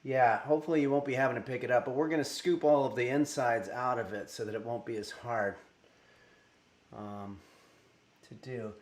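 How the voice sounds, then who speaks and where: A man's voice: medium pitch, fairly even intonation, moderate pace, reverberant. A man streaming live from home, chatting casually at his desk microphone and reading viewer messages aloud with lots of fillers. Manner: rambling, reads chat messages aloud with many fillers. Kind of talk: casual livestream chat.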